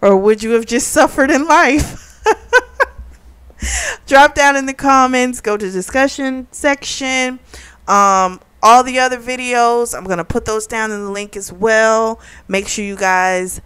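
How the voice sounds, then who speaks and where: A woman's voice: on the high side, measured pace, fairly bright tone, smooth, no room sound. A woman hosting a casual book review, retelling the plot in a chatty way with lots of "like" and "you know.".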